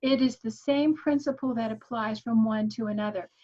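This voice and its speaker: A woman's voice: on the high side, normal speed, mellow, lo-fi sound. A woman guest giving an online tutorial in an earnest, encouraging teaching manner. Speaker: guest teaching graphic design.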